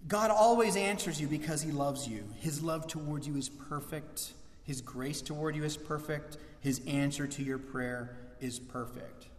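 A man preaching a sermon as pastor, lively and acting out the voices he quotes. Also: a little high, normal speed. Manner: animated, acts out quoted voices. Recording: echoey church hall.

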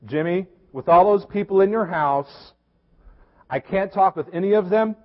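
A man's voice: sits high, moderate pace, muffled recording, voice pushed up, lightly acted. A man doing a pushy male telemarketer. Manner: insistent questioning. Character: persistent adult male telemarketer.

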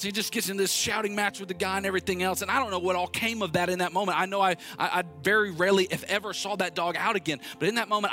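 A man's voice: high voice, sharp tone. A man preaching a sermon, telling personal stories in an earnest, conversational way that builds to urgent appeals. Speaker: pastor.

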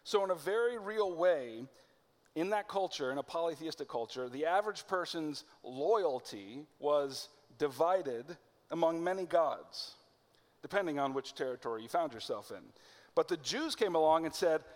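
Male pastor, higher-pitched voice, casual preaching with slow emphatic phrases, long hall echo. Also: animated. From United States. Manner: conversational preaching, slows and stresses key phrases. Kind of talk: sermon.

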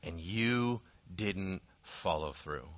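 A pastor preaching a sermon, telling the story in an animated way that swings from hushed asides to shouts. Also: male voice, low-pitched, very slow, lo-fi sound.

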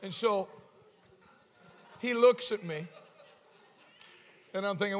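A man's voice: sits high, takes it slowly, pauses often, long reverb tail. A male preacher telling a humorous story in his sermon, in a wry, conversational way.

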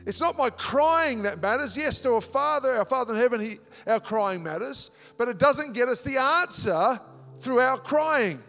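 A man from Australia preaching a sermon as pastor, animated, repeating words and acting out little dialogues. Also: extremely high pitch, moderate pace. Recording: long hall reverb with music behind.

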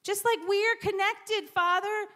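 Woman preacher, high-pitched, delivering a church sermon; stammers into repeats, drops to whispers for emphasis. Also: steady tone, slow pace, bright, forceful tone.

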